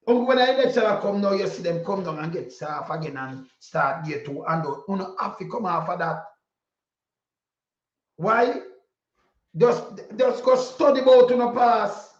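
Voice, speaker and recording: High-voiced Jamaican man, fired-up commentary. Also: moderate pace. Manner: preachy and repetitive, speaking in patois, sometimes shouting. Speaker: political commentator. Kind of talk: impassioned spoken commentary. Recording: roomy, dull lo-fi sound.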